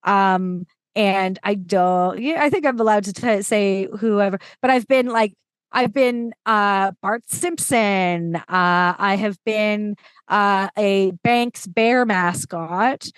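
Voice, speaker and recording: A woman storytelling coach chatting as a podcast guest, lively and enthusiastic with quick asides. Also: mid-range voice, clear, resonant tone, no room sound. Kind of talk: casual conversation.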